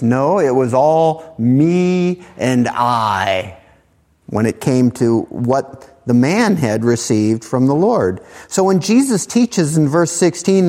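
A man delivers a sermon in a slow, measured way, his pitch swinging widely as he climbs to emphatic highs. He acts out the voices he quotes. His voice rings with the long reverb of a large hall. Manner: animated, rising to emphatic highs on key points. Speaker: pastor.

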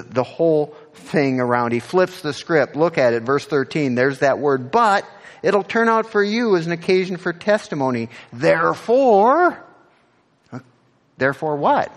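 A male pastor delivers an animated sermon, asking his congregation direct questions and building to emphatic peaks when quoting scripture. His voice is mid-range, and the sound is that of a big room.

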